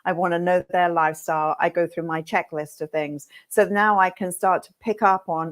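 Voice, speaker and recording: Talking fairly quickly with a fairly low pitch, a middle-aged woman teaches hairdressers through a webinar. Her stories are animated, with her reactions vividly acted out.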